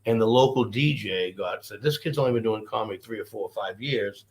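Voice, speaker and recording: Brief: male comic, rapid-fire, gravelly, swears freely while spinning long stories. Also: fairly low pitch. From Boston. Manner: profane, animated, rambling anecdotes. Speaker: stand-up comedian guest. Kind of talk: casual storytelling interview.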